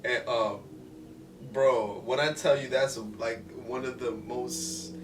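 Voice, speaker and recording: A man's voice: mid-range voice, fairly even intonation, slow. A man hosting a reaction video, chatting casually in a laid-back, slangy way, recorded roomy and from a distance. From New York. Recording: roomy, distant mic with faint noise.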